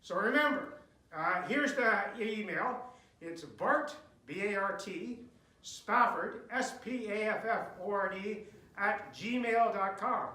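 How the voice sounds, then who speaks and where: Guy, high bright voice, rambly jokes, echoey barn stage. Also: slow. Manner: jokey, folksy, rambling. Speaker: theater venue owner. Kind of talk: casual rambling address. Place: renovated barn theater stage. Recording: echoey room in a barn theater.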